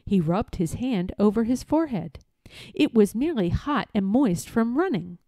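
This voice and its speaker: A woman reading a children's picture book aloud, narrating in a slow, expressive storytelling way. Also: mid-range voice, no room sound.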